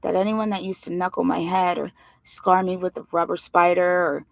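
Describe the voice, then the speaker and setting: A woman reading a novel aloud in plain, steady first-person narration. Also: on the low side, normal speed, creaky, no room sound. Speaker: reader.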